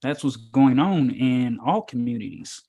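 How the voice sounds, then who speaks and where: A man's voice: medium pitch, animated, unhurried, mellow. Casual preachy man, rambling and emphatic. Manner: emphatic, rambling, with many fillers and rhetorical questions. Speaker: spiritual teacher in an informal meetup.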